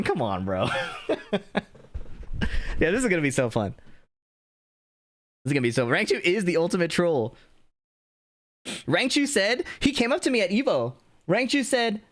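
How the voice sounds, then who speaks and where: A man chatting casually on a live stream, animated and laughing, swearing freely as he talks. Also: sits high, moderate pace, pauses often. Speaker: streamer and video maker.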